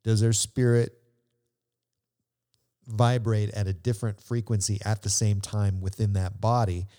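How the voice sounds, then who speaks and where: A man's voice: fairly low pitch, little pitch movement, measured pace, mellow, long reverb tail. A male host asking a guest curious questions in a casual interview, thinking aloud as he goes. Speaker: podcast host.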